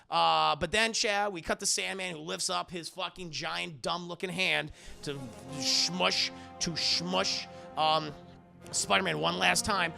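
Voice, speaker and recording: A man's voice: on the high side, steady tone, moderate pace, gravelly, sharp tone, faint music behind. A man streaming live, recapping a film scene by scene in casual, profane chat and mocking the dialogue in silly voices.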